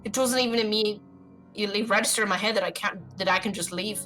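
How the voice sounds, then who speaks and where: Bright-voiced woman streamer reading a game. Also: medium pitch, soft background music, low-quality recording. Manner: expressive, swearing, quick reactions. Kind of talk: reading a story game aloud with commentary.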